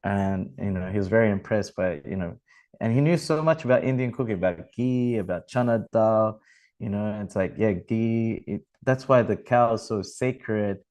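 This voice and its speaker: Man with a low-pitched voice, easygoing temple speaker telling a story in loose, halting speech. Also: darkish tone, low-quality recording. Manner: rambling, with many fillers and restarts. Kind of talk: informal religious talk and storytelling.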